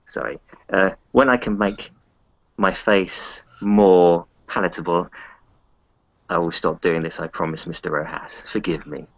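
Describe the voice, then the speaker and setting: A man's voice: lowish voice, lively intonation, normal speed, no echo. A man voicing a disfigured, polite and formal male vampire. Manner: courteous, formal phrasing. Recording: dull lo-fi sound.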